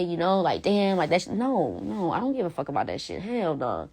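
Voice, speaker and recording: A woman's voice: medium pitch, very animated, fast, few pauses. A woman ranting on a phone live stream, blunt and profane, repeating herself for emphasis. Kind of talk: heated casual rant.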